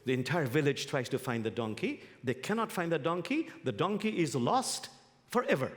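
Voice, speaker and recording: A man preaching a light-hearted sermon, playful and storytelling, his voice sitting fairly high and swinging widely. It is picked up in a sanctuary with a long reverb. He moves easily between jokes and reflection. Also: big pitch swings, moderate pace. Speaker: imam, guest speaker. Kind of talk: sermon with humorous stories. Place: spiritual center sanctuary.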